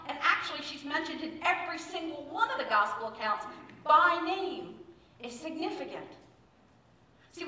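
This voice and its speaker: A woman's voice: sits high, pushed and bright. A woman pastor giving a conversational sermon in a church, telling the story with acted-out quotes. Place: church sanctuary. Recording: echoey church room, mic at a distance.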